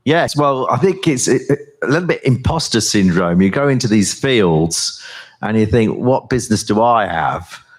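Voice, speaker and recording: Speaking with a fairly low, animated voice, an older professor from England delivers a conference talk before chatting onstage. He halts often, restarting sentences and filling gaps with fillers.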